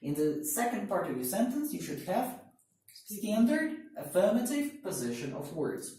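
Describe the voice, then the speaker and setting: A man with as his teaches an English grammar lesson in a lively, swooping voice that keeps putting questions to the class. His tone is mellow. He sounds far from the mic in a very echoey classroom. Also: sits high, normal speed. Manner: animated, emphatic questions to students.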